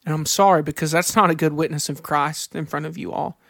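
A high-pitched man talks earnestly on a faith podcast, sharing candid stories and slowing down to read scripture aloud. The sound is close and dry, with no room around it. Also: steady tone, gravelly, fairly bright tone, dry recording. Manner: earnest, reads scripture slowly, confessional storytelling. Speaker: podcast co-host.

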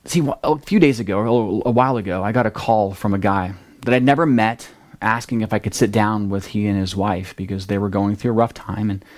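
Middle-aged pastor, chatty storyteller. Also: male voice, lowish voice, a little fast. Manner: conversational storytelling, lively at dramatic moments. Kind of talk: sermon with a personal story.

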